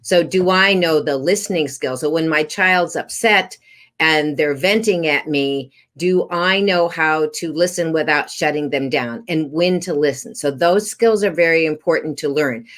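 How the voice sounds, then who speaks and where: A woman's voice: low voice, a bit bright. A woman parenting coach explaining her advice in an interview, instructive and posing rhetorical questions to herself.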